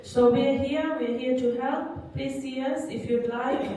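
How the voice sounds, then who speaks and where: A woman hosting a community event, gently thanking the speaker and making announcements. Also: sits high, steady tone, unhurried. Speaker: event host. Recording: echoey hall, distant mic, faint noise.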